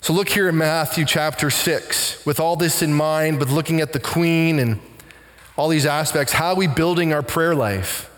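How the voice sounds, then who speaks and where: A man's voice: on the high side, normal speed, fairly bright tone, big-room sound. A man preaching a sermon as pastor of a church, earnest and heartfelt, often repeating words as he goes.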